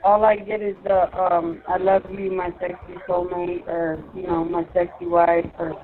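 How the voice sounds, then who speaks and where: A woman on a phone call with her husband, speaking softly and answering briefly. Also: on the low side, little pitch movement, moderate pace, a crowd in the background. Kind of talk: casual phone chat. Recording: tinny phone line.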